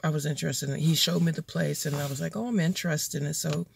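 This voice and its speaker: A woman's voice: low voice, steady tone, quick pace, gravelly, a little hiss or hum. A middle-aged American woman vlogging in a casual, chatty way, full of ums and restarts as she tells a personal story. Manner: chatty, many ums and restarts, acts out both sides of phone calls.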